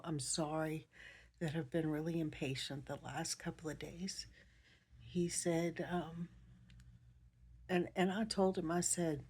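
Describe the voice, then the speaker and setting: A middle-aged woman sharing a personal reflection, soft-spoken and emotional, halting with many pauses. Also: lowish voice, a little hiss or hum. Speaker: vlogger.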